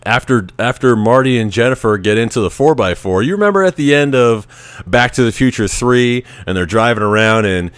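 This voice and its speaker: A man's voice: medium pitch, animated, fairly quick, clear, resonant tone, dry recording. A man hosting a show, chatting casually about a film, rambling and often restarting his sentences. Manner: rambling, restarts often, acts out quoted lines. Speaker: podcast host. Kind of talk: casual movie commentary.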